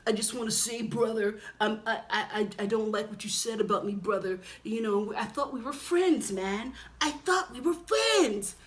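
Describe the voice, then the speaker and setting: A woman imitating a gentle young man who speaks softly and hesitantly, stumbling over his words. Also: fairly high pitch, normal speed, few pauses, natural voice. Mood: hurt, meek. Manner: meek, hesitant, repeats himself. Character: soft-spoken gentle young man, hurt.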